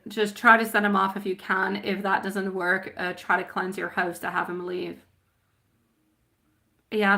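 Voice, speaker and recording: A woman's voice: medium pitch, bright, forceful tone. A woman giving a live-stream tarot reading, chatty and affectionate, often laughing at herself.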